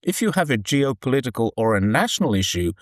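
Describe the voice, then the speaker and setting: Speaking fast in a sing-song, medium-pitched voice, a commentator from the United Kingdom who lives in China earnestly rambles through his opinions in conversation, frequently starting over. The audio is dry and studio quality.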